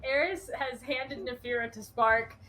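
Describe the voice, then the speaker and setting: A woman playing her character in a tabletop game, animated and laughing as she talks. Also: on the high side, a little slow. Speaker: player.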